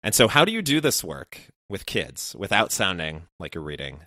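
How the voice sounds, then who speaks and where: A man hosting an interview, asking friendly, relaxed questions. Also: sits low, normal speed, no room sound, studio quality. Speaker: podcast host.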